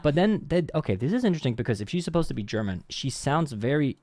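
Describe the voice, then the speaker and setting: A man's voice: medium pitch, sing-song, fast, few pauses, a little mellow. A young man hosting a music reaction, chatting casually and humming the instrument parts he hears. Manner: chatty, hums instrument sounds, self-correcting. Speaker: reaction channel host.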